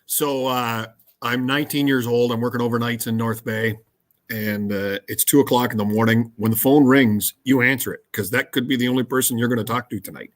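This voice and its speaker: This is a man, a radio host spinning a story. His voice sits at an ordinary mid pitch. He moves through the tale in a relaxed, chatty way. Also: fairly quick. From Canada. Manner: animated anecdote telling with laughs. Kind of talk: conversational storytelling.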